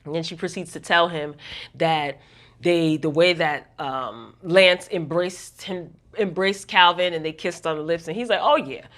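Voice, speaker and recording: A woman's voice: lowish voice, fairly even intonation, unhurried, a bit bright. A woman vlogger recapping a TV episode in a casual, gossipy way, talking straight to her viewers.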